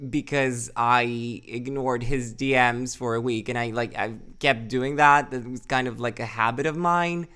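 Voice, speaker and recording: A young man talks casually to his chat on a live stream at home, rambling and cursing freely. His voice is smooth and resonant at a middle pitch, and he laughs at his own mistakes. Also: a bit bright. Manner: rambling, swears a lot, answers chat; self-deprecating, laughs often.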